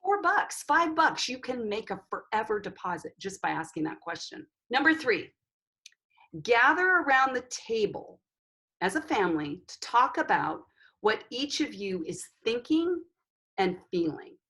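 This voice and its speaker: A woman guest counselor giving advice in an interview, coaching fathers in an animated, direct way. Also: on the high side, unhurried, slightly rough.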